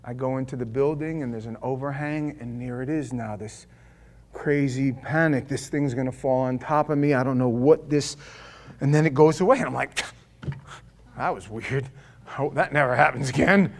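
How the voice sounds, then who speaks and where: A middle-aged preacher tells an audience a personal story, animated and self-deprecating, at normal speed in a medium-pitched voice. He swings between loud outbursts and quiet confession, acting out his own thoughts.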